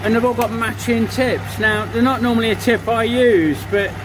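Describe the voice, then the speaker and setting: A man's voice: very high-pitched, steady tone, normal speed, background noise. A man in his fifties who builds custom motorcycles and tattoos, giving casual, blunt commentary on his work in a workshop and swearing freely.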